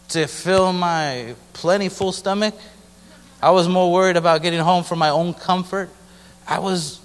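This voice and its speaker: A man's voice: fairly high pitch, fairly bright tone. A male missionary giving a personal testimony in a casual, storytelling way, now and then acting out other people's voices. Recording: long reverb of a large hall.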